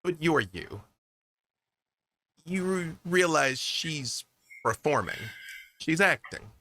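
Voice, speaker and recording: A man narrating as game master of a tabletop game, descriptive and animated, with casual fillers. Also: on the high side, slow pace, slight background noise.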